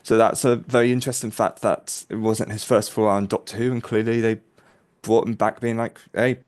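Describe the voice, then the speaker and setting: A man co-hosting a fan podcast, chatting casually and reacting with surprise. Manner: unhurried, lively pitch, easily surprised. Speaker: podcast co-host.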